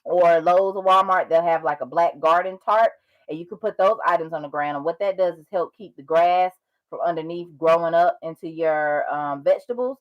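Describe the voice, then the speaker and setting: Lady walking you thru planting seeds, kinda low voice, dull muffled recording. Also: normal speed. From North Carolina. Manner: chatty, explains step by step with many ums and rhetorical checks. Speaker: gardening vlogger. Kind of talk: casual how-to demonstration.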